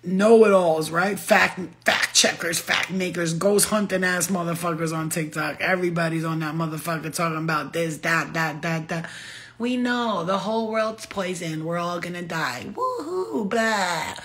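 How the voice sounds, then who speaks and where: A woman's voice: on the low side, lively intonation, unhurried, fairly bright tone. A middle-aged woman rambling casually and laughing often, full of slang, in a vlog monologue. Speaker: vlogger.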